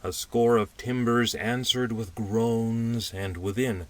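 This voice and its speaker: A man reading a classic story aloud as an audiobook narrator, measured and expressive. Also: medium pitch, far from the mic. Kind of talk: scripted narration.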